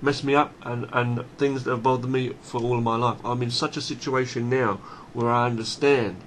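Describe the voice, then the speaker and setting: Man, mid pitch, blunt, swearing, faint background hiss. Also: steady tone, moderate pace, a bit bright. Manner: blunt, emphatic, swears freely; repeats and restarts phrases. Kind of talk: unscripted monologue.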